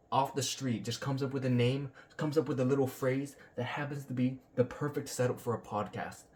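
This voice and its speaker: A man's voice: medium pitch, a little mellow. A man hosting a reaction video, ranting bluntly and sarcastically with plenty of swearing. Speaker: commentary channel host.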